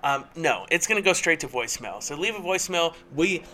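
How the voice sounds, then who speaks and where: A man co-hosting a casual sports podcast, chatty and quick to laugh at himself. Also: fairly high pitch, animated, sharp tone. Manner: chatty, laughing, self-deprecating. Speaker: podcast co-host.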